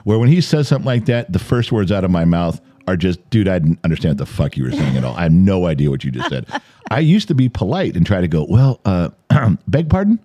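An American man hosting a podcast, telling stories in a casual, animated way and swearing freely. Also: fast, no room sound. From United States. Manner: animated, jumps high in pitch for quoted lines, swears freely. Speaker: podcast host. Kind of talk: casual storytelling chat. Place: home studio.

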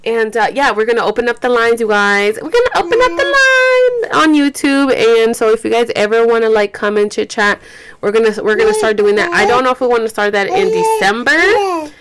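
A woman's voice: a little high, a little fast. A woman hosting a podcast in a rambling, chatty way, tired and yawning, saying "like" a lot and swearing now and then. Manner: rambling, chatty, says "like" and "you guys" often, swears. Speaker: podcast host. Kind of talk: casual chat.

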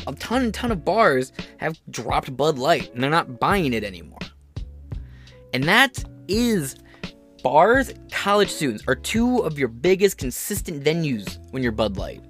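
Rambling into stories and swearing freely, a man hosting a podcast gives sarcastic, casual takes on a news article. His voice sits on the high side and sounds a bit bright.

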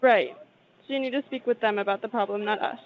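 A calm, polite customer service worker on the phone with an angry caller, patient and steady. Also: medium pitch, quick pace, rough recording.

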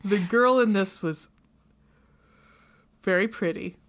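A woman's voice: mid-range voice, takes it slowly, a little hiss or hum. Woman on a podcast mic just rambling through a movie plot, um and uh everywhere. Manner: rambling and chatty, with many fillers. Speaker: podcast host. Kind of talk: casual chat, retelling a movie plot. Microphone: studio podcast mic.

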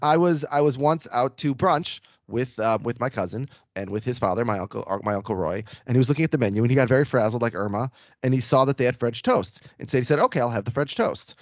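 A man's voice: medium pitch, quick pace, no echo, muffled recording. A man co-hosting a podcast, chatting casually and telling stories with a laugh. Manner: chatty storyteller, lively and laughing. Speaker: podcast co-host. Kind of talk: casual chat about a TV episode.

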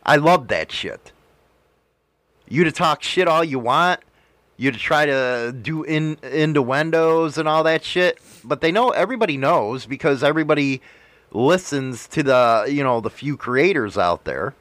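A man's voice: on the high side, expressive, unhurried, fairly bright tone, dry recording. A man hosting a casual podcast chat, talking emphatically and swearing freely. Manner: profane, emphatic storytelling. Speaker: podcast host and motovlogger.

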